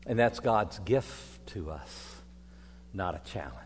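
An older man, preaching a folksy sermon as priest, moving from quiet reflection to loud storytelling. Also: low-pitched, lively intonation, takes it slowly, slight background noise. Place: church. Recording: long reverb of a church hall.

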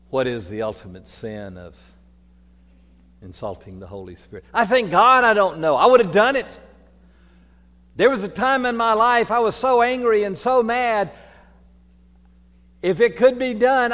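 An older man, preaching a folksy sermon as priest, moving from quiet reflection to loud storytelling. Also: high voice. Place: church. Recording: long reverb of a church hall.

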